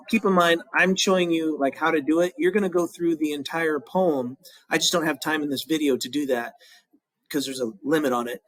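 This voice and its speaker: Male teacher, higher voice, dry close sound, casual step-by-step tutorial delivery. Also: a bit bright, no room sound, poor audio. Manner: methodical, counts syllables aloud step by step; casual, fills with um and restarts. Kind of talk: recorded classroom tutorial.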